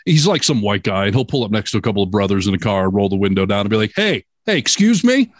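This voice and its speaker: A man's voice: lowish voice, very fast, no echo, clean studio sound. A man, hosting a casual chat, joking and acting out voices. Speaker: podcast host.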